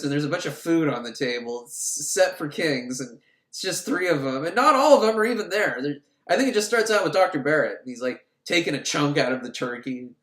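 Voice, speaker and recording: A man recapping a film for laughs, crude and sarcastic, acting out the characters in shrill voices. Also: fairly bright tone. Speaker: podcast host recapping a film. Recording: echoey room.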